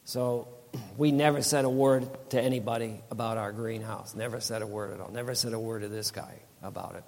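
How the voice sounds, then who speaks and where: A man's voice: fairly low pitch, fairly even intonation, brisk, gravelly, darkish tone, big-room sound. Older man telling a folksy testimony. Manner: rambling, folksy, many restarts and laughs. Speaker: speaker giving a testimony. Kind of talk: church testimony storytelling.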